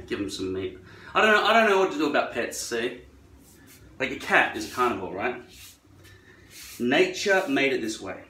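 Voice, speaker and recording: A man's voice: mid-range voice, sharp tone, far from the mic. Vlogger, male, sarcastic foul-mouthed rambler, recorded off-mic in a roomy space. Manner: profane, sarcastic ranting. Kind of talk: rambling monologue while trimming hair. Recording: roomy echo, away from the mic.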